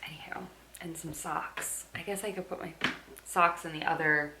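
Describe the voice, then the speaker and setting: A woman's voice: deep voice, fairly even intonation, normal speed. Chatty woman vlogger, candid daily-vlog talk, roomy echo with light hiss. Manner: chatty and candid, loose with fillers. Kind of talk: casual vlog chat. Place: at home, sorting a dresser. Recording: echoey room with faint noise.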